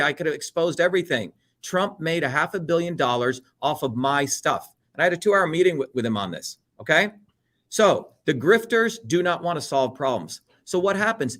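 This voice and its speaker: Middle-aged man, blunt heated political talk, slightly high-pitched, mimics others, swears freely. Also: fairly bright tone. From India. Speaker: interview guest.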